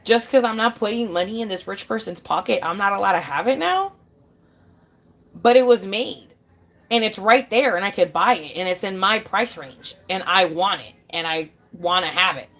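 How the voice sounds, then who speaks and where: A woman's voice: mid-range voice, expressive, normal speed, fairly bright tone. A woman ranting casually to her camera, swearing often, repeating herself for emphasis and calling the listener babe. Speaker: vlogger.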